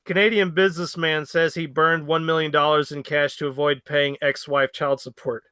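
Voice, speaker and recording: A man's voice: fairly high pitch, little pitch movement, moderate pace, sharp tone, clear, resonant tone, no room sound. A man hosting a casual comedy podcast who reads news articles aloud and stumbles over names. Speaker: podcast host.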